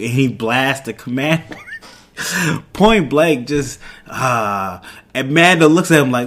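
A man's voice: medium pitch, fairly bright tone. Casual man rambling through a show recap. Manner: rambling, quotes characters in quick voices, loose casual grammar.

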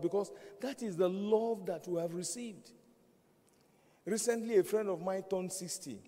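A man in his fifties delivers a sermon at a slow, deliberate pace. His voice is mellow and a little high for a man, and he presses his points with repeated questions. The sound rings with the long reverb of a large hall. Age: 50s. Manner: earnest, repeats questions, rises to loud emphatic peaks. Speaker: preacher.

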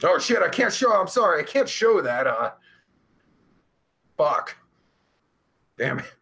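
A man's voice: high-pitched, very animated, takes it slowly, pushed and bright. A man hosting his live show alone at home, reading the chat and ranting in a profane, rambling, laughing way. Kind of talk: casual live-stream chat.

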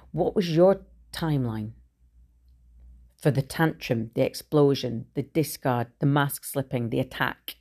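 Low-voiced middle-aged woman, frank monologue. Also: dark tone. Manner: frank and conversational, occasional swearing. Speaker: podcaster. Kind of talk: candid personal monologue.

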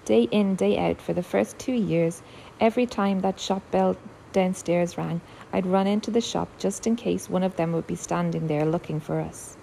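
A woman voicing a tearful young woman who is the heroine's older sister, speaking softly and pleadingly. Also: fairly low pitch, normal speed, gravelly, slight background noise, low-quality recording.

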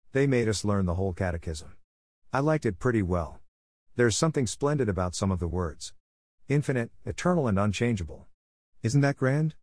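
A man's voice: mid-range voice, darkish tone, no room sound, voice pushed up, close to an everyday voice. A dreamy little orphan girl who chatters eagerly, as a male narrator puts her on. His voice lifts only a little for her, and the recording is dry and close. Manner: eager, talkative.

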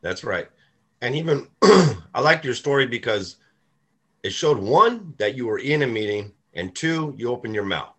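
A man's voice: mid-range voice, big pitch swings, moderate pace, a bit bright, breathy edge. A man co-hosting a podcast, affirming and encouraging in casual chat. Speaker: podcast co-host.

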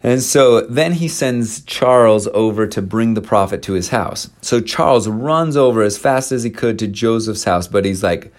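Guy with a lowish voice telling a wild history story, slangy, lots of ums, really into it. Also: normal speed, few pauses. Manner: animated retelling with slang, fillers and quoted dialogue. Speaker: storyteller presenting church history. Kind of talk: casual storytelling talk.

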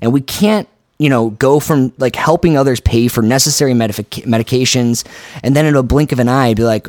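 A man's voice: medium pitch, a little fast, darkish tone, dry recording. A man co-hosting a podcast who rants in a heated, emphatic way and swears often. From United States. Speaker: podcast co-host. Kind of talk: casual podcast rant.

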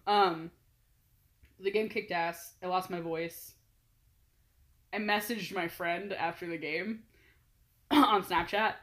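A young woman chatting casually as a podcast co-host, excitable, swearing freely and laughing often. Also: fairly low pitch, slow pace, long pauses. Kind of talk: casual chat, storytelling.

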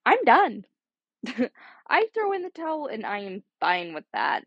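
A woman's voice: fairly high pitch, huge pitch swings, unhurried, breathy edge, no echo. A young college-age woman with a drawl talks through a casual solo podcast. She rambles and circles back, sprinkling "like" everywhere. The recording is dry and a bit muffled. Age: young adult. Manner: rambling, chatty, heavy use of "like". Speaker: podcast host.

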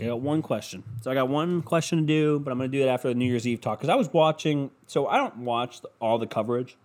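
A man's voice: mid-range voice, darkish tone. A man hosting a solo podcast, ranting sarcastically and profanely with self-mockery into a microphone at home. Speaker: podcast host. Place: home basement. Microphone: studio microphone.

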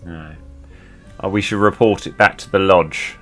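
A man playing his character in a tabletop game, speaking in a blunt, gruff and folksy way. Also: low-pitched, fairly even intonation, moderate pace, a bit bright, faint music behind. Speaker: player. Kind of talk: in-character role-play.

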